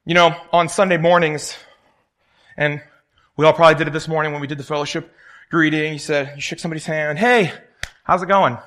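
A man's voice: on the high side, level tone, fast talker, fairly bright tone. Young man preaching a chatty sermon. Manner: conversational, tells stories and acts out quoted voices.

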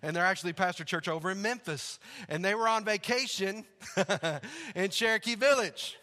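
A male pastor delivers a sermon in a chatty, storytelling way, with a high-set and bright voice. His words ring out with long reverb across a church sanctuary. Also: moderate pace. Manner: conversational storytelling, laughs along.

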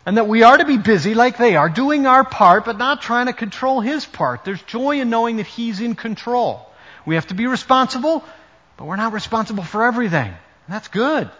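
A male pastor delivers a sermon with a fairly high voice that leaps up and down in pitch. He presses hard on key words, then drops to quiet asides. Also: muffled recording. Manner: emphatic preaching, swings from loud stresses to quiet asides.

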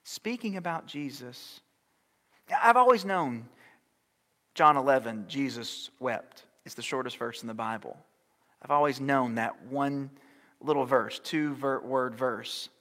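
A middle-aged man preaching a sermon as pastor, shifting from loud, urgent exhortation down to soft, near-whispered lines. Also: medium pitch, unhurried. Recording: long hall reverb.

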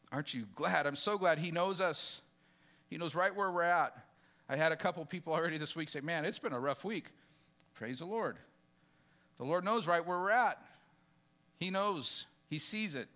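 A middle-aged male pastor preaching a casual, conversational sermon, talking straight to his congregation. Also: a little high. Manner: animated, casual preaching with direct address to the congregation.

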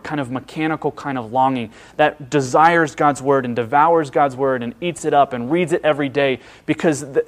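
A male preacher delivers a sermon in a slightly high voice. He speaks earnestly and with emphasis, pausing for effect and sinking to hushed tones on key phrases. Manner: earnest, emphatic, with dramatic pauses and hushed drops.

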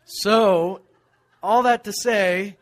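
A middle-aged male pastor preaching a sermon, animated storytelling with laughs that drops to hushed tones. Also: high-pitched, very slow.

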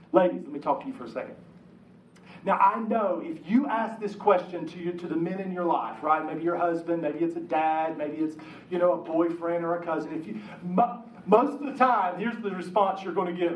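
A man's voice: on the high side, fairly quick, a little hiss or hum. A man preaching a conversational sermon, slipping into the voices of the people he quotes. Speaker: pastor. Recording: echoey room, mic from a distance.

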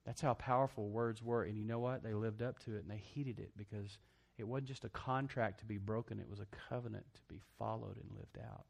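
A man's voice: lowish voice, fairly even intonation, brisk, gravelly, hardly any pauses. Man preaching with call-and-response. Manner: preachy call-and-response, asks congregation for amens; jokey, acts out quoted voices. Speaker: pastor. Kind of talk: sermon.

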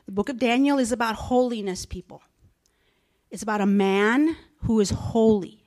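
A woman's voice: a little high, moderate pace, darkish tone. Earnest woman preaching, dropping to whispers. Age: older. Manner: earnest, repetitive, drops to whispers. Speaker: church speaker. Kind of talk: emotional sermon.

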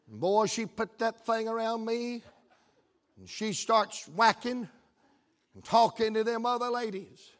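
A man preaching a sermon, telling a funny story in a folksy, animated way that builds up to shouting. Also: very high-pitched, unhurried. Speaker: pastor.

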